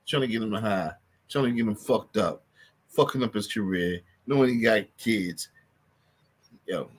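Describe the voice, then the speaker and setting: A man's voice: medium pitch, breathy edge. A man hosting his own podcast, talking loosely in casual street slang and repeating himself for emphasis. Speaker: podcast host.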